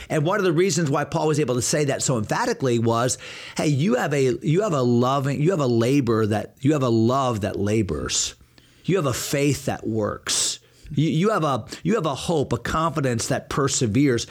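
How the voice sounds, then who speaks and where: A pastor teaching a Bible passage in a conversational discussion, earnest and working through his points with rhetorical questions. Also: a little high.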